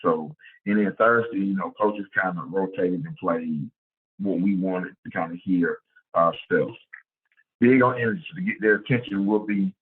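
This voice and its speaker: Man, football coach, clinic talk, lively conversational, repeats words, lowish voice, tinny phone-like audio. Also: normal speed. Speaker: high school football coach.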